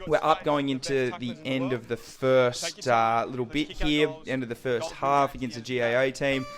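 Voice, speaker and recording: A young Australian man narrating his own football game footage in excitable, slang-heavy play-by-play. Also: mid-range voice, moderate pace. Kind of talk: mic'd-up sports commentary.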